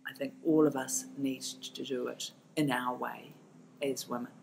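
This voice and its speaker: A woman's voice: a bass voice, fairly even intonation, unhurried, creaky, background noise. A middle-aged woman with a New Zealand accent, a documentary filmmaker speaking as a podcast guest, passionate and emphatic, often restarting her sentences. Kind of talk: podcast interview.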